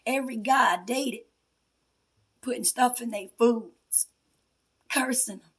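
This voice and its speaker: A woman giving an emotional personal testimony aimed at her mother, confrontational and swinging between hushed whispers and a raised, accusing voice. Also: a little high, slow, slightly rough. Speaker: self-styled spiritual priestess.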